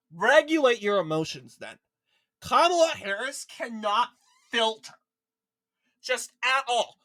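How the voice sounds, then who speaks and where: A man from Minnesota delivers an opinionated political rant in an indignant, combative tone. His pitch swings up and down with lively emphasis, and he keeps throwing out rhetorical questions as he argues his point. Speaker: political commentator.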